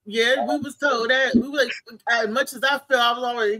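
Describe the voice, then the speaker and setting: A woman co-hosting a casual talk show, telling stories in an animated way with laughs and restarts. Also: a little high, brisk. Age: adult with a child. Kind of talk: casual chat.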